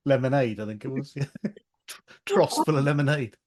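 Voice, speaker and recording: A man hosting a casual podcast interview, dropping in brief, relaxed remarks. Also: medium pitch, normal speed. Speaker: podcast host.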